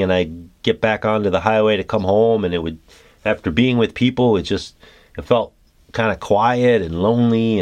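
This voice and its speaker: A man hosting a reflective solo talk about haiku, musing and halting, with many fillers and restarts. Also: on the low side. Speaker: host.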